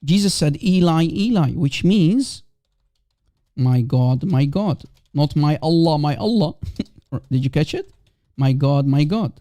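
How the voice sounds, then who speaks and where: Man, native Aramaic speaker, live stream host, emphatic and repetitive, raised pitch, dry close sound. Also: lively intonation, slow pace, mellow, dry recording. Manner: emphatic, repeats rhetorical questions. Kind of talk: live call-in stream monologue.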